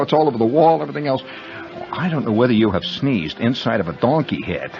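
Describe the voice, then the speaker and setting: Radio host, male, lively storyteller, muffled vintage broadcast, faint music underneath. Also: medium pitch. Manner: rambling, conversational, addresses listeners as friends. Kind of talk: storytelling monologue.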